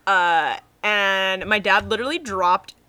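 A woman's voice: medium pitch, a little slow, sharp tone, no room sound. A young woman co-hosting a podcast in casual chat, chatty and self-mocking, swearing freely and fighting hiccups. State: hiccuping and burping. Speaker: podcast co-host.

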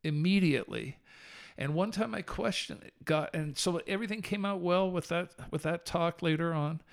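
Creaky-voiced man telling a faith story. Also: a little high. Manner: animated, shifts between slow solemn and quick telling. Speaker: podcast guest. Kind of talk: earnest personal testimony storytelling.

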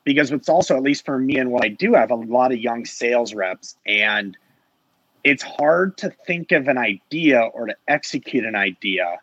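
A man's voice: mid-range voice, a bit bright, breathy edge, no echo, highs cut off. A man who manages sales reps, chatting casually on a panel and rambling with lots of filler words.

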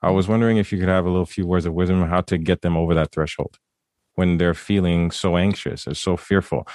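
A man with a very low voice hosts a podcast interview. He asks long, winding questions in an encouraging way. The sound is dry and close, with no room echo. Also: fairly even intonation, fast, a little mellow. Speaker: podcast host. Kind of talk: interview hosting.

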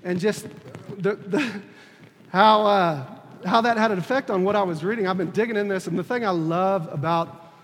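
This earnest testimony comes from a preacher in his 30s who serves on a church leadership team. His voice is high and a bit bright, echoing in a large hall over faint room noise, and he stumbles, repeats words, and starts over as he goes.

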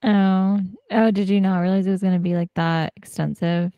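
An upbeat woman co-hosting a podcast, talking freely and laughing often. Her voice has a middling pitch. The sound is dry and close-miked. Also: steady tone, moderate pace, clean tone, no room sound, dull audio. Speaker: podcast co-host. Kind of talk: casual chat.

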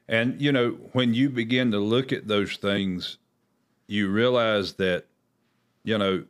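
An earnest man with a lowish voice, talking through scripture in a casual discussion. He has a preacher's habit of leaning hard on quoted verses to give them weight. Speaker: host.

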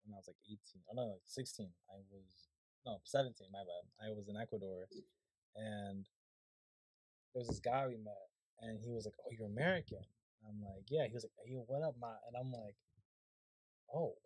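Fast-talking young man, casual podcast chat. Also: fairly low pitch, steady tone, darkish tone, no room sound, rough recording. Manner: fast, rambling storyteller with many restarts. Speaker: podcast co-host.

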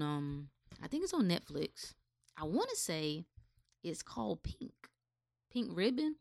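A woman's voice: fairly high pitch, pushed and bright. Impassioned woman ranting bluntly. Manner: blunt, impassioned, swearing, addressing listeners directly. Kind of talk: unscripted opinion rant.

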